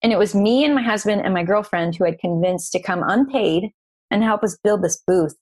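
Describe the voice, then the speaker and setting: An earnest woman guest on an interview podcast, speaking at a medium pitch. She tells her story with feeling and energy, her voice lifting as she goes. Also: brisk. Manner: earnest, emotional, animated retelling. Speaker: guest, business founder.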